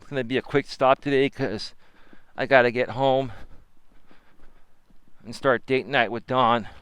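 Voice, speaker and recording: A man's voice: mid-range voice, unhurried, smooth, no echo. A man hosting a casual live stream as a life coach, talking emphatically to his viewers while walking with his phone. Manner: animated, emphatic, talks to chat viewers. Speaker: life coach and livestream host.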